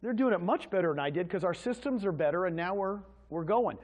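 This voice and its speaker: Speaking fast in a high voice, a man gives an energetic motivational sales pitch at a real estate agents' meeting, quizzing the room with questions.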